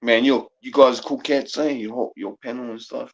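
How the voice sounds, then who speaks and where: A man's voice: mid-range voice, steady tone, normal speed. Rambling New Zealand man, lo-fi. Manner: rambling, swears a lot, laughs often. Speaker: guest caller on a live panel. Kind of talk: casual chat. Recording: dull lo-fi sound.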